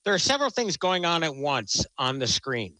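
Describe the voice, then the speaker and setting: Excited, rambling man with a bright voice. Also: fairly high pitch, normal speed, no room sound, low-quality recording. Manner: enthusiastic, rambling with many restarts. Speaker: film critic guest. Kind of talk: casual chat.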